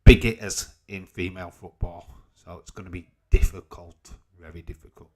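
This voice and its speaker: A man's voice: low-pitched, fairly even intonation, moderate pace, darkish tone. A British man hosting a casual live watch-along stream, chatting, swearing freely and reading out viewer comments. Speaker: livestream host.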